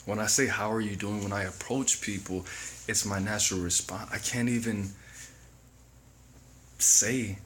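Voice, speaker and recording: A man giving a slow, reflective motivational monologue that circles back on its own phrases. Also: on the low side, fairly even intonation, a bit bright, slight background noise. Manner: slow, deliberate, repeats phrases. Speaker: motivational speaker.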